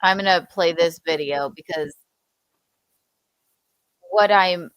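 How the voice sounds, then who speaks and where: A woman's voice: fairly low pitch, clean tone, dry recording, clean studio sound. A woman hosting a podcast in casual chat, drawing out words and laughing often. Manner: drawn-out, laughing, gossipy. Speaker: podcast host.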